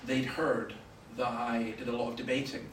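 A Scottish man preaching a sermon, telling stories with sudden loud bursts of emphasis. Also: mid-range voice, flat delivery, normal speed. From Scotland. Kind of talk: sermon with anecdotes. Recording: roomy, from far off, faint noise.

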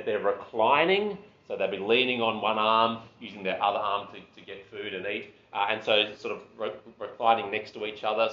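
Male preacher, casual lively delivery, dull roomy recording. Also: mid-range voice. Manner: conversational, animated, with self-deprecating asides. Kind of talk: sermon.

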